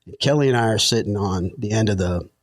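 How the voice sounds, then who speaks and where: A man's voice: fairly low pitch, fast, dry recording. Middle-aged man telling rambling stories. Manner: rambling, chuckling, fillers. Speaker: podcast guest. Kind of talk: casual storytelling.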